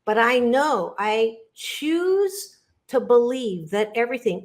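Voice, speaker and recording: A woman's voice: on the high side, animated, slow. A woman guest on an interview podcast, talking as a psychologist in an emphatic, motivational way, often repeating phrases and speaking straight to the listener.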